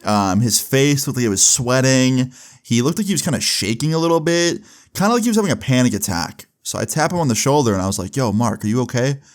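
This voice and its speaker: A man's voice: mid-range voice, sing-song, quick pace. A young man telling a story in a casual, rambling way, full of fillers. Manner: rambling, lots of "like" and "right?".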